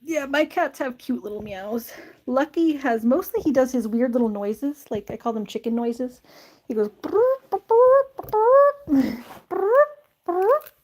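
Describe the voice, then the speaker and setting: A woman's voice: on the high side, moderate pace, mellow. A young woman chatting casually on a live stream while playing with her cats, laughing often and talking sweetly to them. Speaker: vlogger playing with pets. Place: indoors in a warm room.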